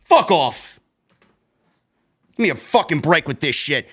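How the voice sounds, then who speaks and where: A man's voice: fairly high pitch, very animated, a little slow, fairly bright tone, husky, faint music behind. A man reviewing a wrestling show in a profane, combative rant with a New York accent, full of sarcastic asides. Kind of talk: ranting solo review.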